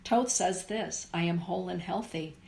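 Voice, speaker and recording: A middle-aged woman giving a live oracle card reading to viewers, speaking in a soothing, unhurried way. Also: on the low side, vocal fry, a little mellow, a little hiss or hum. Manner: slow, soothing, unhurried delivery. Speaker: spiritual card reader.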